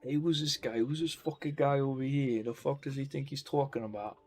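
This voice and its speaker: A man putting on a brash, foul-mouthed male Brooklyn tough guy with a Brooklyn accent, aggressive and yelling. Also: mid-range voice, fairly even intonation, fairly quick, soft background music, voice pushed up, natural voice. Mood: mocking.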